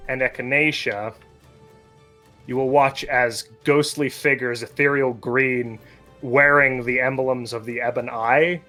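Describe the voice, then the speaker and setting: A man's voice: mid-range voice, bright, forceful tone. Man casually narrating a tabletop game. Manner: loose, conversational narration with fillers. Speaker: player voicing a paladin. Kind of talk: describing his character's actions in a tabletop game.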